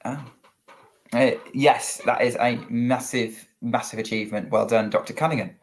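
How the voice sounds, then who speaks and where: A man with a British accent co-hosting a live tennis watchalong stream, calling each point quickly and chatting between rallies. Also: mid-range voice, fairly even intonation. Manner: rapid play-by-play calling, chatty asides. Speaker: co-host and play-by-play commentator.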